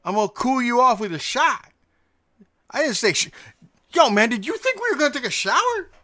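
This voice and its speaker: A man's voice: extremely high pitch, sing-song, a little fast, sharp tone, voice pushed up, full character voice. A man putting on the voice of an easygoing rapper who drawls and drops letters. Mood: amused. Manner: drawled lines with dropped letters.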